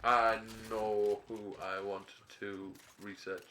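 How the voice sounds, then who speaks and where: A man's voice: lowish voice, little pitch movement, bright, forceful tone, slight background noise. Chatty man casting a live match. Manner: rambling, chatty asides between quick play-by-play calls. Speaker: esports caster. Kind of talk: live game commentary with casual chat.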